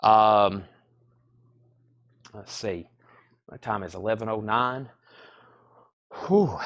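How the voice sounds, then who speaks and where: A man's voice: on the low side, takes it slowly, long pauses, muffled recording. A man hosting a live-streamed vinyl sale from a record store, chatting casually and rattling off titles and prices. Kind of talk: live-stream sales patter.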